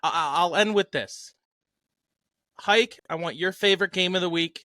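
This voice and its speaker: Male host, brisk and directing, bright tense tone, dry close sound. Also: sits high, no echo. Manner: brisk, wraps up and directs the others. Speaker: podcast host. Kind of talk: casual chat.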